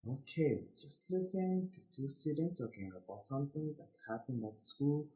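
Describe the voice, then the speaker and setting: A man's voice: fairly high pitch, sing-song, warm tone, roomy sound. A man teaching a class who keeps checking his students follow along, speaking. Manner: slow, checks understanding with "okay?". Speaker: English teacher. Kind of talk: classroom lesson.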